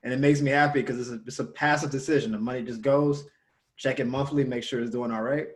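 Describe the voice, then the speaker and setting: A man's voice: medium pitch, fast talker. Man telling a casual story. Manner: storytelling, animated when quoting others. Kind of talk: casual conversation.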